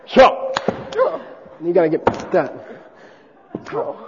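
Brief: high-pitched male teacher, joking, barks drill syllables for students to echo; muffled hall recording. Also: animated, moderate pace, heavy background noise. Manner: joking, drills syllables loudly for the class to repeat. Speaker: teacher of monastic debate. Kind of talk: hands-on class demonstration with call-and-response drills. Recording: dull recording in a reverberant hall.

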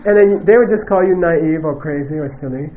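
A man's voice: a little high, brisk, highs cut off, a crowd in the background. A man teaching Buddhist philosophy in a lecture, joking and laughing often and ending points with "okay?". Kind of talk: classroom dharma lecture.

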